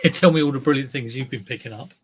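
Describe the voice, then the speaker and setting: A chatty man with a slightly husky, breathy voice, hosting a casual live stream. He rambles along at an everyday middle pitch, breaking off and restarting his sentences as he talks. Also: quick pace. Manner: rambling, self-interrupting, chatty. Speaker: reseller livestream host.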